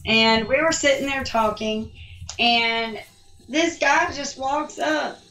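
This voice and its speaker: A woman's voice: high voice, takes it slowly, bright, forceful tone. A woman co-hosting a casual live chat who laughs easily and tells stories. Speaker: co-host. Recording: roomy, distant mic.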